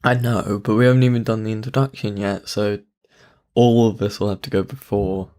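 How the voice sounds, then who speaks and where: A man's voice: lowish voice, little pitch movement, brisk, darkish tone. A man co-hosting a casual podcast, crude and sarcastic, often muttering insults under his breath. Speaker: podcast co-host. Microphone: studio mic he keeps bumping.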